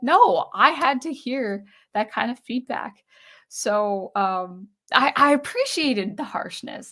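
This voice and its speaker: A woman's voice: medium pitch, a bit bright. A young adult woman, a composer, thinking aloud in a casual talk to camera, with frequent restarts. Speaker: composer vlogger.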